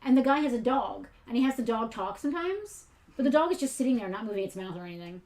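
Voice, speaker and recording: A woman's voice: a little high, lively intonation, quick pace, a little mellow. Chatty, playful woman co-host. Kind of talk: casual chat.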